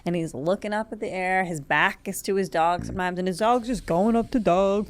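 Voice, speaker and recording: A woman's voice: mid-range voice, a little fast. A woman in her thirties hosting a comedy podcast, telling blunt, profane stories in casual chat. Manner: blunt, profane, animated storytelling with impressions. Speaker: podcast host.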